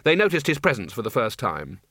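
A man's voice: medium pitch, huge pitch swings, a little fast, a bit bright, no echo, clean studio sound. A man narrating a comic fantasy audiobook in a wry storytelling manner.

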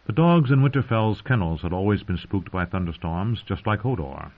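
An audiobook narrator with a low voice reads a scripted story dramatically and expressively at normal speed. The audio is dull and lo-fi.

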